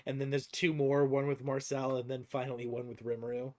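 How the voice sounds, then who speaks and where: A man's voice: medium pitch, brisk. A man narrating a tabletop game as game master, laughing often as he talks. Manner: giggly, animated, laughs often.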